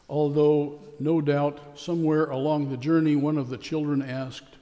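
Conversational pastor in a reverberant church. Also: male voice, on the high side, level tone, normal speed, few pauses, dark tone. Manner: folksy and conversational, with fillers. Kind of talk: sermon.

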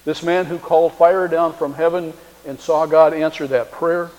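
Guy preaching a sermon, kinda high-pitched, echo hanging in a big hall. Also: fairly even intonation, normal speed, a little mellow. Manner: storytelling, acts out quoted lines in shifting voices. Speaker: pastor. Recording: long reverb of a large hall.

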